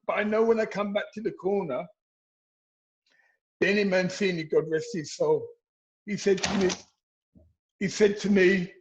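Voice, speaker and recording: A middle-aged man from England, telling stories in a casual interview, animated and stumbling over restarts. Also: high voice, moderate pace, pauses often, slight background noise, low-quality recording. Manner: animated storytelling with repeated restarts. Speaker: interview guest, former boxer.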